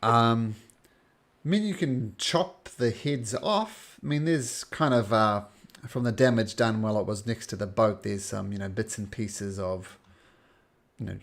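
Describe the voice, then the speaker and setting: A man's voice: lowish voice, a little slow. A man narrating and ruling as game master in a tabletop role-playing game, describing scenes loosely with fillers.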